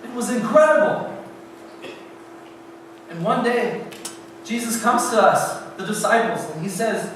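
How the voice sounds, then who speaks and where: A man youth pastor preaching a dramatic first-person sermon, with vivid retelling that swings from hushed to loud. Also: high-pitched, measured pace, pauses often. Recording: very echoey hall, voice from a distance, faint noise.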